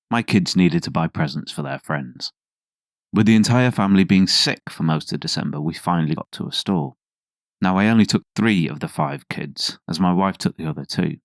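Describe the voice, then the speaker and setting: A man's voice: low-pitched, no echo. A man narrating reddit stories in a dry, conversational way with sardonic asides. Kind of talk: scripted narration.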